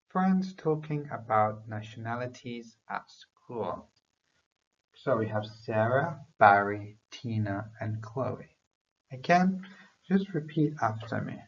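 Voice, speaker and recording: A male English teacher leads learners through beginner drills at an extremely slow, deliberate pace, pausing for them to repeat. His voice sits in a middle pitch. The recording sounds dull and lo-fi.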